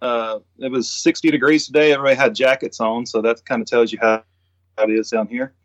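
A man from Alabama, a guest artist, answering in a relaxed, easygoing way. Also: medium pitch, fairly quick, dull audio. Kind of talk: casual interview answers.

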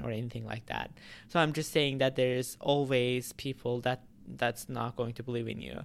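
A man's voice: mid-range voice, fairly even intonation, normal speed, vocal fry, a little hiss or hum. A man who runs a YouTube channel, talking casually to his viewers in a rambling way, with many fillers and restarts. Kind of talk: casual vlog talk to camera.

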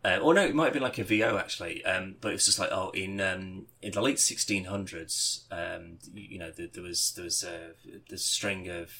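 A man's voice: low-pitched, a little fast, few pauses, pushed and bright. A man hosting a podcast, telling rambling anecdotes with lots of fillers and swearing. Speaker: podcast host. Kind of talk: casual chat.

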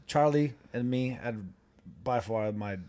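A man's voice: medium pitch, measured pace, clear, resonant tone. A man co-hosting a podcast, telling a rambling, profane story among friends and laughing as he goes. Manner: animated, profane, laughs while telling stories. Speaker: podcast co-host.

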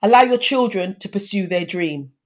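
A woman's voice: mid-range voice, lively intonation, moderate pace. A woman in her fifties, a guest in an interview, talking earnestly and giving advice, with frequent restarts. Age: 50s. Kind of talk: conversational interview.

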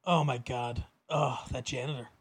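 A young man co-hosting a podcast, chatting casually in a rambling way, with quick laughs and many restarts. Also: mid-range voice, steady tone, husky. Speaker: podcast co-host. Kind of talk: casual chat.

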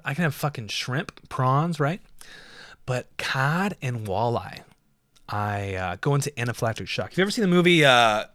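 A man's voice: mid-range voice, sharp tone, no echo, studio quality. A man hosting his own podcast in a casual solo monologue, rambling and joking with lots of swearing. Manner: profane, rambling, jokey. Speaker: podcast host.

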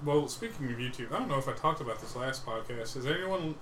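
A man co-hosting a casual podcast, explaining things at length with a deadpan joking manner. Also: mid-range voice, fast. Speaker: podcast co-host. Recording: roomy room with faint background noise.

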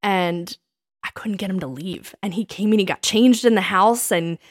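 Woman in her 30s chatting, lively storyteller, acts out the quotes, mid-pitched voice. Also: normal speed. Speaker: podcast co-host. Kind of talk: casual chat.

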